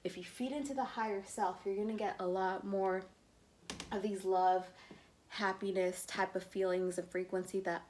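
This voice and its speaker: A woman's voice: mid-range voice, darkish tone. Blunt, swearing woman love coach. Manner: blunt, swears freely, calls listeners bro. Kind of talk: casual vlog-style talk to viewers.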